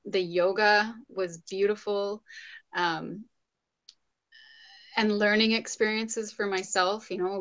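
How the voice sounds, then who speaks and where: A young woman, a yoga teacher guest, talking casually and agreeably with many ums. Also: mid-range voice. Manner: agreeable, soft-spoken, many ums and yeahs. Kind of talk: casual interview chat.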